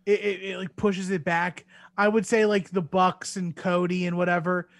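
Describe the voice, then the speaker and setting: A man co-hosting a casual podcast, unhurried, working through his ideas as he goes. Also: high-pitched, little pitch movement, gravelly, no echo. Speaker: podcast co-host.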